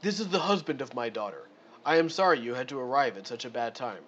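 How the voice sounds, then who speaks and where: A man's voice: medium pitch, lively intonation, fast talker, fairly bright tone, dull audio, slight background noise, close to an everyday voice. A man reading out the lines of a formal elderly village man from an adventure module, in stiff formal phrasing. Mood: grave.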